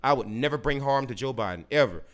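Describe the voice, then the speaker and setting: A man hosts a solo political rant podcast, getting heated and swearing heavily as he repeats himself and stumbles over words. His medium-pitched voice is expressive and fairly bright, and he talks quickly.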